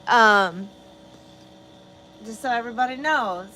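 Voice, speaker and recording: A woman's voice: fairly high pitch, unhurried, pauses often, sharp tone, a little hiss or hum, poor audio. A woman chatting casually on a live stream, rambling with lots of fillers, swearing freely and amused by her own jokes. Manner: profane, rambling, self-amused, many fillers. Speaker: vlogger chatting with live viewers.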